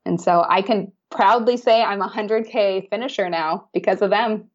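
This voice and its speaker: A woman's voice: mid-range voice, moderate pace, lo-fi sound. A woman guest telling a personal story in a casual, chatty way, with many fillers and restarts. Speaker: podcast guest.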